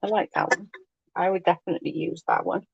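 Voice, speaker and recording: A woman's voice: on the low side, fairly even intonation, fast, vocal fry, husky, lo-fi sound. A woman, telling rambling stories with lots of giggles as she chats with her livestream viewers. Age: 40s. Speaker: livestream host. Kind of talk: casual chat with viewers.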